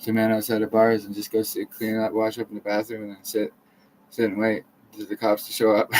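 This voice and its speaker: A man's voice: lowish voice, completely flat delivery, quick pace, a little mellow, a little hiss or hum, rough recording. A man from Canada rambling profanely to camera, jumping from topic to topic.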